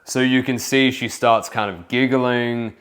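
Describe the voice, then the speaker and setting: A young man giving a relaxed, casual voice-over about dating, full of fillers like "kind of". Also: medium pitch, unhurried, noisy background. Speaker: dating coach. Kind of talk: voice-over commentary on infield footage.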